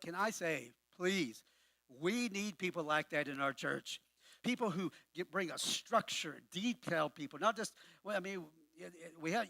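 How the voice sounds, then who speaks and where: A man's voice: high-pitched, pushed and bright, dry recording. A man pastor preaching a sermon in a conversational way, often repeating words as he restarts, with wry humorous asides. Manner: conversational with frequent word repetitions.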